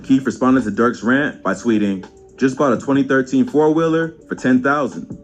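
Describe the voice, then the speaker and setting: A man reading a scripted documentary narration in an even, measured way. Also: mid-range voice, soft background music.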